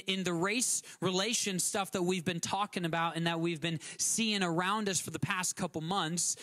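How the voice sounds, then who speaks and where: A high-pitched man preaches a sermon. He talks in a loose, conversational way, stumbles and repeats words, and acts out little quotes in sudden new voices. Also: pushed and bright. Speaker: guest pastor.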